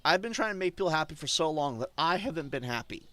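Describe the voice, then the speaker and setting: A male streamer ranting defiantly to his chat, swinging between loud outbursts and low muttering. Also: expressive, fast talker. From German. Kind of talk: casual stream rant.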